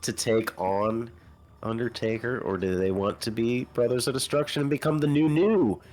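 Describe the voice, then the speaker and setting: A man's voice: mid-range voice, normal speed, a little mellow. A man co-hosting casual gaming commentary, hyping things up playfully with crude jokes. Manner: joking, playful hype with crude asides. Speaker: co-host.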